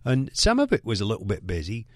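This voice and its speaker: A middle-aged man chatting as a radio guest in an easygoing, halting way, repeating words and chuckling often. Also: on the low side, huge pitch swings, dry recording, studio quality. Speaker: guest drummer. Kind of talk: relaxed radio interview chat.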